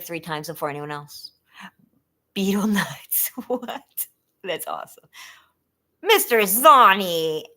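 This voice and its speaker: A woman's voice: medium pitch, bright, forceful tone. Giggly woman hosting a trivia stream. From California. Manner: giggly, chatty, laughs often. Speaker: livestream trivia host. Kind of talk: casual livestream chat.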